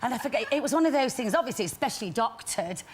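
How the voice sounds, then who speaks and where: A woman's voice: on the high side, animated, rapid-fire. A woman, a guest actress on a chat show, chatting in a bubbly, giggly way.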